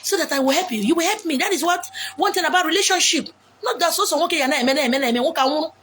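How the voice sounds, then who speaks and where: A woman with a Nigerian Igbo accent giving blunt, forceful relationship advice outdoors, mixing English, Pidgin and Igbo. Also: high voice, lively intonation, fast, slight background noise. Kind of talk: outdoor monologue. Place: beach outdoors.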